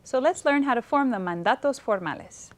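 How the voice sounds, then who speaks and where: A woman's voice: high-pitched, lively intonation, fairly quick. A woman co-hosting a bilingual Spanish lesson for college television, answering her partner and repeating each word aloud. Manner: responsive, repeats the words aloud. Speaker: Spanish teacher, co-host.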